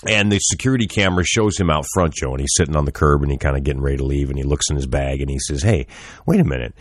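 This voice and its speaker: A man's voice: very deep voice, steady tone, racing, no echo, studio quality. A man co-hosting a casual podcast, telling a news story in a rambling way and acting out the quotes. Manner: rambling, laughing, acts out quotes. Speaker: podcast co-host.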